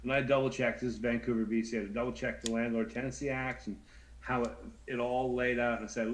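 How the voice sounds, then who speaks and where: Co-host, a man in his thirties, chatty and animated, repeating himself as he tells a story. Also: medium pitch, fast talker, slight background noise, rough recording. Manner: animated, stammering, acts out voices in anecdotes. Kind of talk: casual storytelling chat.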